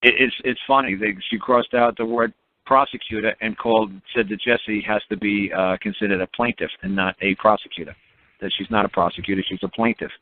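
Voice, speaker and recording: On a call-in radio show, a man with a lowish, fairly even voice tells stories briskly, bluntly and emphatically, repeating himself and often laughing at what he's saying. The audio is tinny, like a phone line on the radio.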